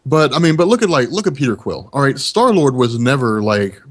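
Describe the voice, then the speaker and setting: A man's voice: mid-range voice, very animated, fairly quick. A man co-hosting a comics podcast over a Skype call, talking casually and rambling with lots of fillers and restarts. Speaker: podcast co-host.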